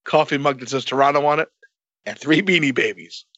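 A man telling a long story in a casual, animated way, swearing a lot and acting out both sides of the dialogue. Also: mid-range voice, brisk, no echo, dull audio.

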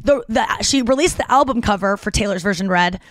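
A woman's voice: medium pitch, brisk, dry recording. A woman in her thirties, a comedian hosting a podcast, telling a long rambling story, swearing freely and acting out quotes.

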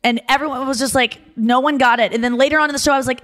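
A woman's voice: sits high, fairly even intonation, fast, few pauses, fairly bright tone. A woman co-hosting a podcast, chatting casually and telling stories with lots of "like" fillers. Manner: chatty storyteller, many "like" fillers. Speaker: podcast co-host. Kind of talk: casual chat.

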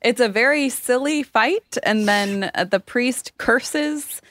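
A woman's voice: a little high, takes it slowly, a bit bright, a little hiss or hum. A woman casually summing up a novel's plot in a chat with friends, slipping into mocking voices for the characters.

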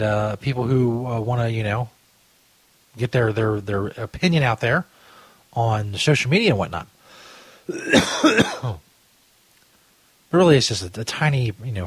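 A man's voice: mid-range voice, slightly rough, dry recording. A man hosting a podcast in a casual, rambling, crude style, often laughing at his own jokes. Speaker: podcast host. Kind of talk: casual commentary chat.

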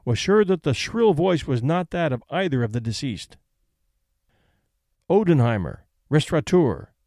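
A man narrating a classic short story aloud, reading witness testimony in a measured, deliberate way. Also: fairly high pitch, darkish tone, no room sound, clean studio sound.

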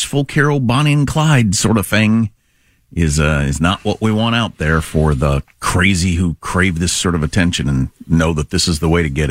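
Lively-pitched middle-aged man rambling on talk radio. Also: no echo. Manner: rambling, conversational storytelling. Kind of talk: casual talk radio chat.

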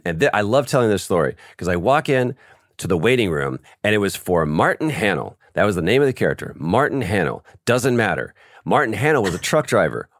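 Lively, low-voiced man telling stories. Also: dry recording, clean studio sound. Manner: animated storyteller, acts out quotes. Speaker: guest, voice actor. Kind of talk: casual podcast interview storytelling.

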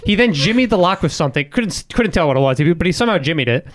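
A man's voice: fairly high pitch, animated, fast talker. A young man on a casual podcast, telling a story with swearing and acting out the quotes. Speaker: guest storyteller.

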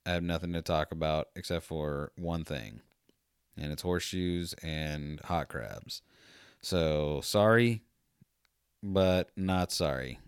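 Man, low voice, dry close recording, casual podcast monologue, rambling, animated. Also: takes it slowly, smooth, no room sound. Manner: rambling, animated, acts out quotes. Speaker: podcast host.

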